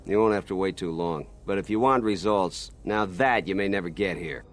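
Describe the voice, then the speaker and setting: A man voicing a deep-voiced grim war veteran. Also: moderate pace, music in the background, lightly acted. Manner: frustrated, resolute. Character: grim male war veteran settler, middle-aged. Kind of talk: video game voice acting.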